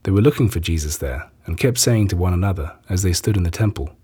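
Brief: a male scripture reader, low and polished, measured. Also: husky. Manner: measured, even narration. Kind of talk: scripture reading.

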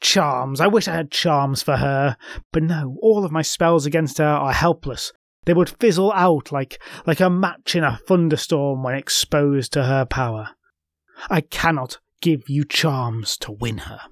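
A man voicing a malign, cunning old witch woman who speaks slowly and secretively. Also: fairly high pitch, no echo, clean studio sound. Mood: scheming.

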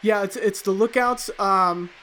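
A man's voice: high voice, bright, forceful tone. A man running a tabletop game, narrating casually with many fillers. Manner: casual, halting, with frequent fillers. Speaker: game master.

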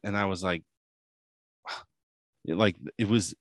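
A man's voice: lowish voice, fairly even intonation, no room sound, studio quality. A man in his late thirties telling a story in casual podcast chat. He rambles, halts and swears as he talks. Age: late 30s. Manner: rambling, halting, profane storytelling.

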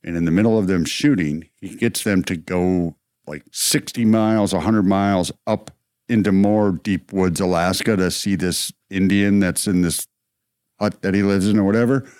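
A man's voice: deep voice, moderate pace, darkish tone, clean tone, no echo, clean studio sound. A man co-hosting a casual talk show, telling a rambling movie story and acting out its lines. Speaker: co-host. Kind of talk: casual chat.

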